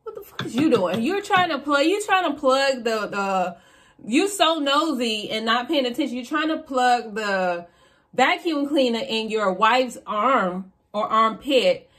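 Loud, cussing woman reacting to clips. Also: a little high, lively intonation, measured pace. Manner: loud, profane, incredulous. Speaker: reaction video host. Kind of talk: casual reaction commentary.

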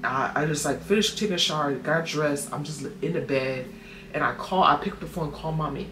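Woman telling an animated story, roomy echo. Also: low-pitched, a little fast. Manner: animated, acts out what others said. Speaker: guest giving testimony. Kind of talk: emotional storytelling. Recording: echoey room with faint noise.

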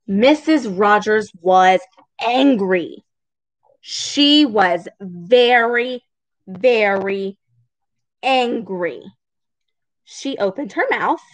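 Slow, lively-voiced woman reading to children. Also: on the high side, no room sound, poor audio. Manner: slow, expressive and encouraging. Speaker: storybook reader for children. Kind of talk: reading a picture book aloud to children.

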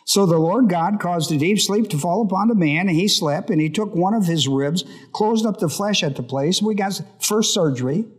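Male pastor, slightly high voice, Bible study sermon; reads a verse, then pauses to quiz the congregation. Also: breathy edge. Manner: reads scripture and breaks off with questions to the congregation.

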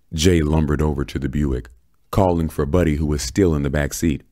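A man narrating an audiobook with deep, measured storytelling. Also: steady tone, mellow, dry recording, studio quality. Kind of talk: scripted narration.

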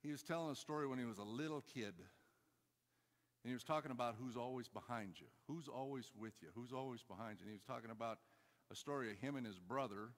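A man preaching a sermon, telling a story and urging his church, moving between loud calls and quiet asides. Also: mid-range voice, a little fast, in a large hall. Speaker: pastor. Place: church hall.

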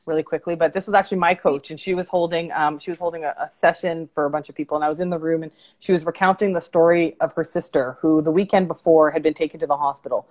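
Woman life coach, interview guest, earnest storyteller, lower pitch. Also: fairly even intonation, fast talker, hardly any pauses, darkish tone. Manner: earnest, storytelling, self-reflective. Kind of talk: conversational interview.

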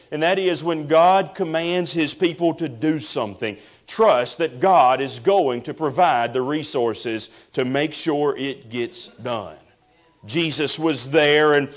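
Guy preaching, slightly high voice, earnest, drags out words for emphasis. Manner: earnest preaching, drawn-out emphasis, addresses listeners as friend. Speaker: pastor. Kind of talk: sermon.

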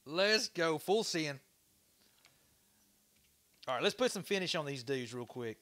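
A man hosting a casual livestream from his workshop, chatty and excitable, swearing casually as he talks to viewers. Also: medium pitch, measured pace. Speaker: livestream host. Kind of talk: casual livestream chat while woodturning.

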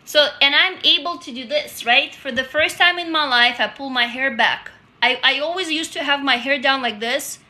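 A woman talks candidly and chattily into a phone held in her hand, reading out viewer comments. Her voice sits high and sounds sharply bright. She restarts often and swears freely. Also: normal speed, few pauses. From Russia. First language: Russian. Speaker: livestreamer. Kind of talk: casual live-stream chat reading viewer comments. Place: home office, sitting on a couch. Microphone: handheld phone.

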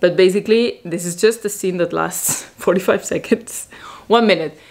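A woman with a slightly low voice rambles through a chatty recap vlog. She talks in an excitable, unpolished way, scattering "like" through every sentence. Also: normal speed. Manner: rambling, excitable, heavy use of "like" fillers. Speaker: vlogger recapping a TV series.

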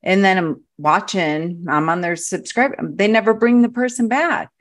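A woman talking as a podcast guest, telling stories in an animated, casual way with frequent restarts. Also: medium pitch, moderate pace. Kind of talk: casual interview chat.

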